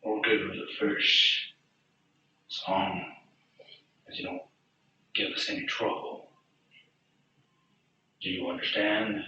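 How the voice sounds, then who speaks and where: Male GM playing a cautious bartender, slow warning tone, far from the mic. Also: low voice, little pitch movement, pushed and bright, slight background noise, pitched below the performer's own voice, heavily acted. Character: wary male tavern bartender. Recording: echoey, distant, dull room recording.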